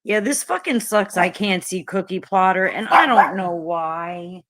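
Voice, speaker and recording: A woman's voice: medium pitch, animated, unhurried, a bit bright. A woman hosting a casual livestream, chatting bluntly and profanely with her viewers. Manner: blunt and profane, talking straight to the chat. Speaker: livestream host.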